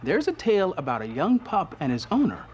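Expressive male show host. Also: high voice, brisk. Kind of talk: scripted narration.

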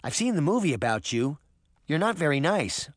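A man voicing a blunt, curious little girl, pitching his voice up in a storybook reading. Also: very animated, moderate pace, no echo, studio quality.

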